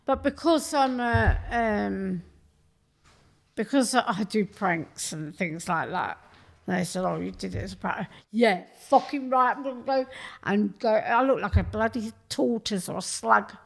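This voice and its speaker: A woman's voice: medium pitch, a little slow, vocal fry. A woman, telling blunt, sweary stories as a podcast guest in a studio. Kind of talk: casual chat.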